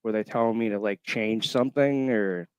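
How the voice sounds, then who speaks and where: Halting, emotional man in his thirties. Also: fairly low pitch, clear, resonant tone, no room sound. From Florida. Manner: halting, emotional, many fillers. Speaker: caller. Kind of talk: casual storytelling. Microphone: call-in line.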